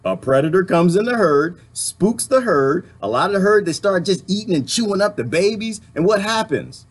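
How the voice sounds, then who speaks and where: A vlogger with a high, slightly breathy voice rants passionately about politics to camera at a moderate pace. He's animated and emphatic, firing off rhetorical questions, swearing mildly and laughing often.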